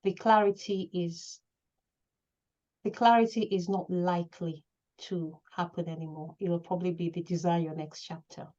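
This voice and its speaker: A woman coach giving an emphatic motivational talk to an online group, building up to near-shouting. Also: fairly low pitch, muffled recording. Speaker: coach hosting a live session.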